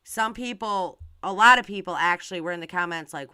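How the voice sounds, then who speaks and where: Channel host, female, lowish voice with a crisp, clear tone; chatty, filler-heavy talk aimed straight at her audience. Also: fairly quick, sharp tone, no room sound. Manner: rambling, filler-heavy, talks to viewers directly. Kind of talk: casual live-stream commentary.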